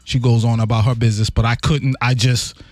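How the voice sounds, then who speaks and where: A man's voice: medium pitch, brisk, dry recording. A man co-hosting a radio show, earnestly telling personal stories in casual chat. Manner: animated storyteller, earnest. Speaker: radio co-host.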